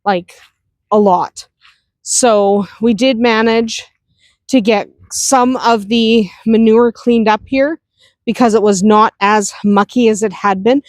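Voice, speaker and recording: Slow, chatty woman farm vlogger. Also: on the high side, steady tone, dry recording. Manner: chatty, laughs often, talks to her animals. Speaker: homestead vlogger. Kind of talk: casual farm vlog. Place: outdoors on a windy farm.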